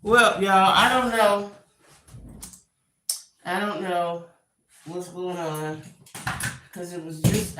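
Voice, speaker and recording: A woman's voice: lowish voice, fairly even intonation, slow, long pauses, far from the mic, background noise. A middle-aged woman, chatting casually and exasperated to her live stream viewers from home. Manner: exasperated, talks to viewers directly. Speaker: vlogger. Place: home room. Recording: roomy, away from the mic.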